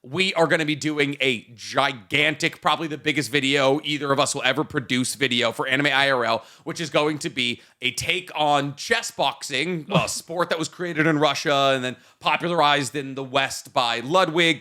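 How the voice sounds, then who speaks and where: A man's voice: mid-range voice, normal speed, hardly any pauses, bright, forceful tone. A man co-hosting a podcast, trading profane jokes in rambling, casual banter. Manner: joking, profane, rambling riffs. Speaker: podcast co-host.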